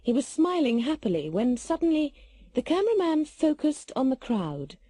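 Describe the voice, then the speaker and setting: British female narrator for language lessons: clear, careful reading, mellow, husky, dry studio sound. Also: high-pitched, very animated, normal speed, no room sound. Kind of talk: scripted textbook narration.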